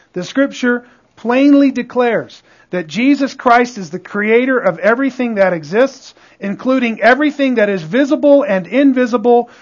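Male preacher, very high voice, slow deliberate delivery, emphatic, dull lo-fi recording. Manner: emphatic, calls out "Amen?" to the congregation; reads scripture slowly and with stress. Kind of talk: sermon.

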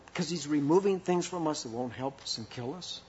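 A man's voice: a little high, brisk, a little mellow, highs cut off, slight background noise. A man preaching a sermon as pastor, with impassioned rhetorical questions and a delivery that rises and falls.

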